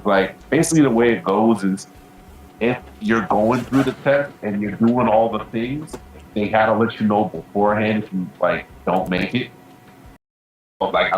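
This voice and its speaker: In poor, reverberant audio, a man with a fairly low voice and fairly even intonation speaks at a moderate pace. He co-hosts a podcast, rambling through a long, profane story that's full of "bro."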